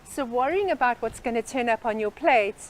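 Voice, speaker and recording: A woman's voice: a little high, lively intonation, a little fast, slight background noise, poor audio. A woman guest on a talk show, a life coach explaining her ideas earnestly with sayings and metaphors. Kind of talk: interview.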